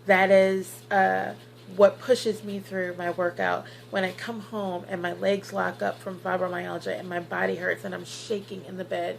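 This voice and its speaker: A woman's voice: fairly low pitch, flat delivery, a little slow, gravelly, a little hiss or hum, rough recording. A woman in her thirties talking earnestly in a personal vlog, encouraging viewers with lots of fillers. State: tearful at times. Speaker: vlogger. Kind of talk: personal weight-loss vlog.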